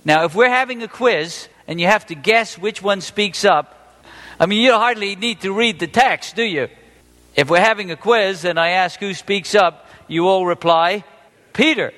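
An animated male preacher quizzing his listeners and acting out the quotes he reads. His voice is forceful and bright and sits a little high. A long reverb hangs on every line, as in a large hall. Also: moderate pace. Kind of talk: sermon.

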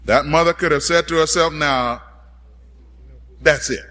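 A man's voice: a little high, wildly swooping pitch, moderate pace, long pauses, bright, forceful tone, in a large hall. A man preaching a dramatic sermon, calling out to his congregation and acting out the voices in the story.

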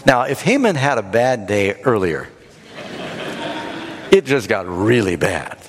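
A man preacher giving a sermon, retelling the story in a dramatic, animated way. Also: fairly low pitch, slow. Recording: long hall reverb.

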